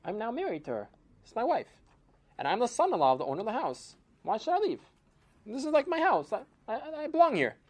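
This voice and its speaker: A woman's voice: on the high side, wildly swooping pitch, fairly quick, husky, pitched above the performer's own voice, heavily acted. A woman voicing a poor young man in a folk tale who insists on staying and pleads his case. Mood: indignant. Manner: pleading, indignant, raising his voice.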